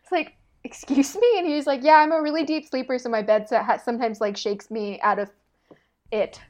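A woman's voice: fairly high pitch, fairly even intonation, a little fast, darkish tone. A young woman chatting casually, telling a long story with lots of fillers and frequent laughter. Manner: rambling storyteller, laughs often, many fillers. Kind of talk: casual chat.

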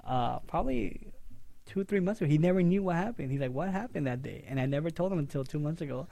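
A young man co-hosting a podcast, telling a story with lively, loudly acted-out quotes. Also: fairly high pitch, quick pace, gravelly, dry recording. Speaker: podcast co-host. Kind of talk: casual storytelling chat.

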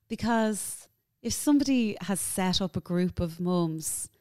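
A woman's voice: lowish voice, expressive, a little slow, mellow. A woman guest telling a story in casual interview chat, chatty and emotional, full of "like" fillers. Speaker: guest, cookbook author.

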